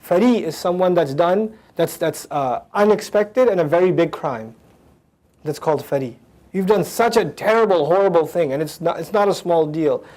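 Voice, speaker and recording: A man with a high-pitched voice teaches scripture line by line. He rattles off Arabic verses fast, then slows into casual, conversational English explanations. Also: expressive, darkish tone. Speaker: Quran teacher.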